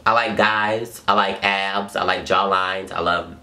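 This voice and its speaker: Young man in an earnest, bright-toned vlog. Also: deep voice, steady tone, a little slow. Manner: earnest, gushing, repeats himself. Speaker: vlogger. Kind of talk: emotional personal vlog to camera. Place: home in Los Angeles.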